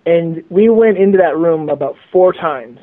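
A man's voice: on the high side, normal speed. A man telling a story as a guest over the phone, rambling and repeating words. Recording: tinny phone line.

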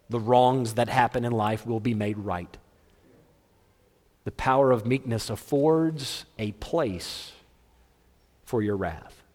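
A man preaching a sermon in a large hall, animated and humorous with a theatrical flair. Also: medium pitch. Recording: long hall reverb.

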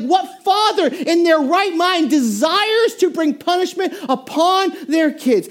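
A preacher giving a sermon, telling a story in a lively way with many restarts and short laughs. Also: high-pitched.

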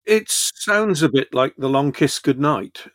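A man's voice: fairly high pitch, animated, unhurried, fairly bright tone, dry recording, studio quality. A man in casual chat, giving brief, inquisitive replies.

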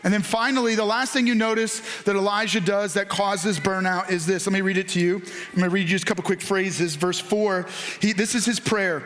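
Man, pastor, sermon, high voice, animated, acts out voices, bursts of shouting. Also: a little fast.

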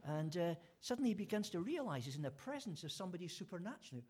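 A man's voice: a little high, big pitch swings, fast talker, few pauses, a little mellow, breathy edge. A man preaching an informal sermon, retelling a story in a chatty way with fillers and restarts.

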